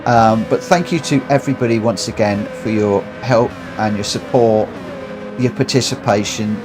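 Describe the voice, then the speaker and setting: A man streaming a racing game to his viewers, breathless, excited and heartfelt as he reads out the results. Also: lowish voice, moderate pace, music in the background. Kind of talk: live game commentary. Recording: clear background noise.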